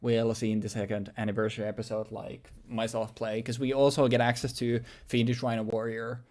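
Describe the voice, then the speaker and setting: Young man, co-host, casual chat, joking, filler-heavy, mid-pitched. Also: flat delivery, brisk, darkish tone. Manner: loose and joking, lots of fillers and swearing. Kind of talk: casual chat about a card game.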